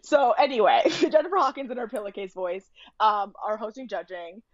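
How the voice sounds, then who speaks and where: A woman's voice: fairly high pitch, lively intonation, moderate pace, no room sound, dull audio. A woman co-hosting a podcast, chatting casually and opinionated as she recaps a TV show with lots of fillers. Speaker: podcast co-host.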